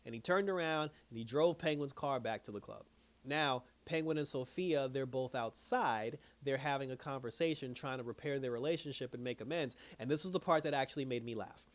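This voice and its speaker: A man's voice: mid-range voice, fairly quick. A man hosting a casual TV review channel, recapping an episode in a loose, slangy way, often breaking into laughter. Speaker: TV show reviewer.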